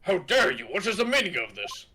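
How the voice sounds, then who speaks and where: A man's voice: on the high side, animated, slow pace, vocal fry, full character voice. A man doing a blustering pompous judge. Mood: indignant. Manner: blustering, indignant. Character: pompous older male courtroom judge.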